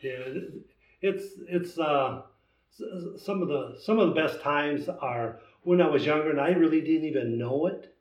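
A man's voice: on the high side, reverberant, recorded from a distance, poor audio. Sixty-something man telling rambling stories. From United States. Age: 60s. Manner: halting, rambling storyteller with many restarts. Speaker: interview guest. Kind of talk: casual storytelling chat. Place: home den.

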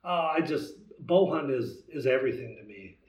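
A man in his sixties, a guest telling stories in a casual chat at home, halting and rambling with many restarts. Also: mid-range voice, lively intonation, darkish tone, roomy sound, distant mic, poor audio. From United States. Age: 60s. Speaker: interview guest. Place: home den.

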